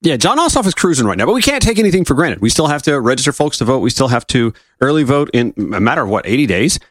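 A man's voice: medium pitch, fast, no room sound. A man hosting a political talk radio show, reading news quotes and adding his own commentary with rhetorical questions. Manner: animated, asks rhetorical questions.

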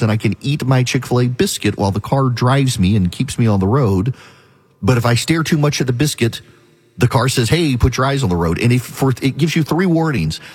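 A man hosting a talk radio show, delivering an opinionated monologue in a brisk, argumentative way and speaking straight to his listeners. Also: medium pitch, darkish tone, slightly rough.

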